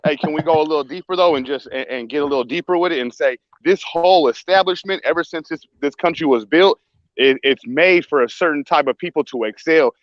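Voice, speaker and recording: A man's voice: on the high side, fairly quick, dry recording. A man in a casual podcast chat, talking with passion and restarting his phrases. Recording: dull dry lo-fi sound.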